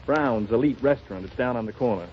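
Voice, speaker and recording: An actor in a 1930s radio drama playing a broke young actor who jokes, teases and stammers sheepishly. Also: male voice, mid-range voice, fast, close to an everyday voice. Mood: wry. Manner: wry, stammering, teasing. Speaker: struggling actor, husband. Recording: dull 1930s radio broadcast, light hiss.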